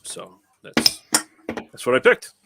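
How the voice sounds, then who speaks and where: A man who reviews beer, speaking in a deadpan, dry manner on a casual online panel over a video call. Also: slow pace, very noisy.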